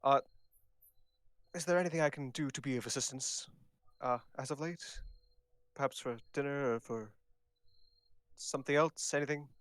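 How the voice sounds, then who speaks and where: A man playing his character in a tabletop game over a voice call, speaking in a hesitant, mock-formal way full of pauses. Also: mid-range voice, no room sound. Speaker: player voicing his character. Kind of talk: in-character tabletop role-play.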